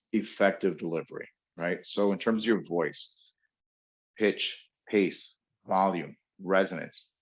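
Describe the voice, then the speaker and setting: A man from New York giving a webinar lecture on public speaking, with frequent fillers and emphatic pauses, over dull lo-fi audio. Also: deep voice. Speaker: webinar presenter.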